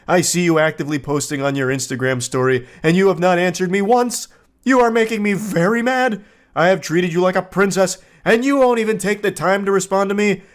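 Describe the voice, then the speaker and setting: A man voicing an obsessive lovesick man who pleads and then rages, in a whiny, shrill tone. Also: steady tone, fast, hardly any pauses, natural voice. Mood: enraged.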